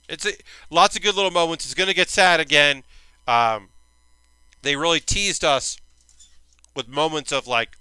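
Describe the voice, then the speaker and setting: A man's voice: fairly high pitch, normal speed, long pauses, sharp tone, clear, resonant tone, dry recording, poor audio. A man hosting his own stream, chatting casually and enthusiastically through an anime recap, a little tired and yawning, with rambling fillers. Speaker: streamer and host.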